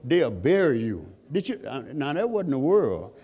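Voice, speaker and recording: Male preacher, mellow tone, kinda high-ish voice, asks the church stuff and builds up fervent. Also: sing-song, normal speed, muffled recording. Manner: call-and-response preaching, rising to fervent peaks; rhetorical questions to the congregation. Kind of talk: sermon.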